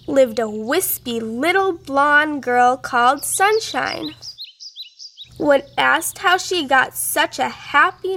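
A woman reads a children's storybook aloud, taking her time over each sentence. Her voice is high with a gravelly edge, and a faint sound of birds can be heard behind her. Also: a little hiss or hum. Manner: gentle, unhurried reading.

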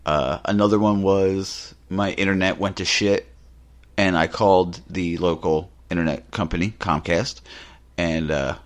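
A man's voice: sits low, unhurried. A man co-hosting a podcast, telling casual anecdotes and acting out the people he quotes. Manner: animated, acts out quotes in his anecdotes. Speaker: podcast co-host. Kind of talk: casual storytelling chat.

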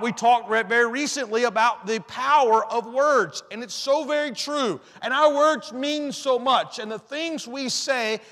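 A man's voice: extremely high pitch, sharp tone. A man preaching a sermon, earnest, often repeating and restarting phrases as he quotes scripture. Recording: long reverb in a hall.

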